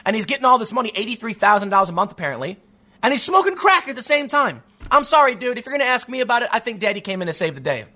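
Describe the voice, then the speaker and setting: A man's voice: very high voice, sing-song, fast, pushed and bright, breathy edge. A man from the US Midwest giving a heated, sarcastic opinion monologue as a political commentator, reading news excerpts aloud and often restarting his words. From Chicago, US.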